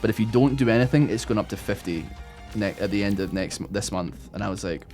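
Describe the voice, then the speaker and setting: Rambling, swearing gamer over faint music. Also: male voice, fairly low pitch, fast, hardly any pauses. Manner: rambling, animated storytelling with frequent swearing. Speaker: gaming YouTuber. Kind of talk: casual gameplay commentary.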